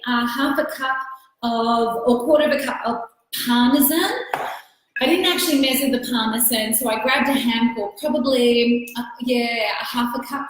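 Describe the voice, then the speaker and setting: An Australian woman hosting a live cooking stream as a cookbook author, chatting casually as she cooks, greeting viewers by name and thinking aloud. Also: a little high. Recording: very echoey kitchen room.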